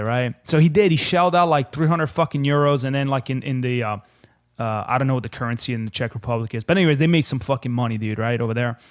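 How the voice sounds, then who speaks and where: A man's voice: mid-range voice, lively intonation, brisk. Young male podcast co-host, loose and profane, rambling anecdote delivery. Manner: profane, rambling storyteller saying "dude" a lot. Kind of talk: casual chat.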